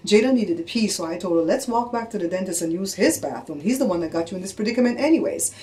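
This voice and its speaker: A middle-aged woman vlogging, telling a story in a casual, animated and exasperated way and acting out what people said. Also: medium pitch, quick pace. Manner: animated, exasperated, acts out quotes.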